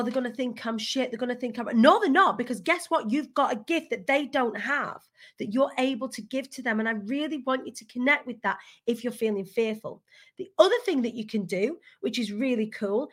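Woman guest coach, lively and blunt, a touch high, on a video call. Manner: candid, energetic, swears casually. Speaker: guest speaker. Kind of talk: motivational talk.

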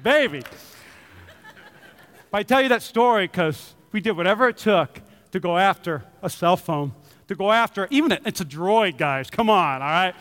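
A man preaches to his congregation with a high, bright voice. He tells stories animatedly, jumping into shouted quotes. His voice rings with a long reverb off the church hall. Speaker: pastor. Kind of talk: sermon.

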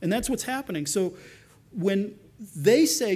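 A man's voice: high voice, animated, measured pace, darkish tone, breathy edge. A man preaching a sermon in a conversational way, often restarting phrases and asking rhetorical questions. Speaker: pastor.

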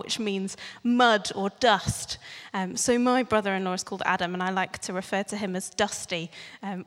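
A woman's voice: medium pitch, a bit bright. A young woman preaching a sermon in a church, chatty and playful, asking the congregation questions. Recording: long church reverb.

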